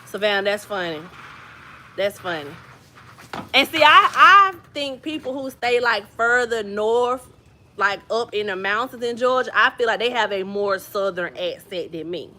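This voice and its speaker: A woman's voice: medium pitch, animated, measured pace, bright, forceful tone. A woman from New Jersey chatting casually with viewers on a livestream, telling stories and greeting people by name. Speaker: vlogger hosting a livestream.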